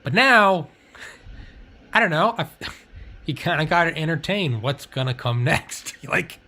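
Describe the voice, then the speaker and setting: A man's voice: fairly high pitch, big pitch swings, a little slow, bright, forceful tone, a little hiss or hum. A man rambling in casual chat, swearing freely and leaning on "like" and "you know.".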